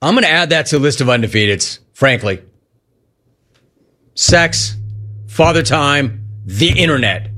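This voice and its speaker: A man's voice: a little high, expressive, measured pace, long pauses, pushed and bright. A man hosting a sports talk radio show, talking in an emphatic monologue that hammers key lines home by repeating them. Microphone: studio broadcast mic.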